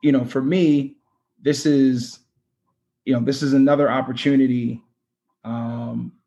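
A man's voice: medium pitch, flat delivery, measured pace, gravelly, dark tone. A man speaking as a podcast guest in an earnest, rambling way with many fillers. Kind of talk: casual interview talk.

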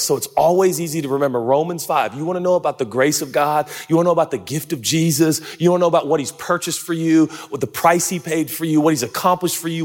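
A male pastor preaching a sermon in a large church, telling jokey stories with excitable, sudden loud outbursts. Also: fairly high pitch.

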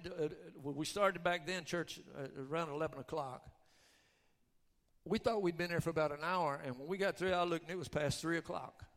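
Man, pastor, sermon storytelling, fairly high voice, long hall reverb. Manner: animated testimony, swings from loud to hushed.

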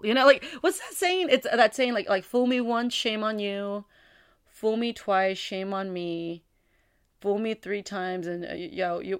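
Woman podcast host, casual solo chat, frank and joking, mid-pitched voice, dry close sound. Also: no room sound. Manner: candid, rambling, self-deprecating humor.

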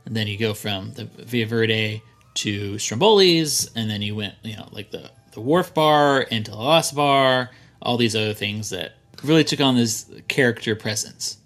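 A man co-hosting a podcast in casual chat, relaxed and rambling. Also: fairly low pitch, normal speed. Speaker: podcast co-host.

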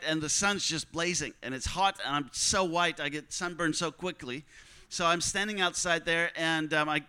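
A man's voice: a little high, pushed and bright, smooth, rough recording. A man telling a personal testimony story, vividly acting out the dialogue of the people in it. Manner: vivid storyteller who acts out quoted dialogue. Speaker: speaker telling a mission testimony.

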